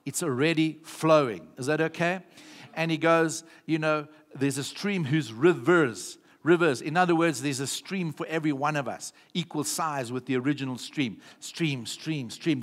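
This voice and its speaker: Male pastor, South African accent, fairly high voice, emphatic sermon delivery, long hall reverb. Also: moderate pace. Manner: keeps checking in with the congregation, emphatic repetitions. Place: church hall.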